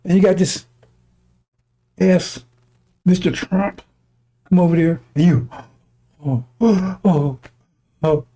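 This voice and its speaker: A man's voice: high voice, slow, long pauses, dark tone. A man preaching a fiery religious broadcast sermon, scornful and mocking, often laughing and repeating his phrases.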